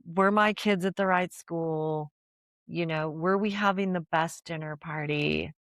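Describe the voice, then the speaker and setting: A woman's voice: fairly low pitch, fairly even intonation, a little slow, dry recording, clean studio sound. An older woman talking as a guest in a casual conversation, telling stories animatedly with restarts and laughter.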